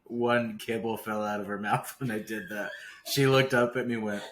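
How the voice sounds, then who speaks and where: A young man co-hosting a podcast from home, relaxed and teasing, laughing easily. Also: fairly low pitch, normal speed, a little hiss or hum. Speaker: podcast co-host. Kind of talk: casual podcast chat. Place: home room.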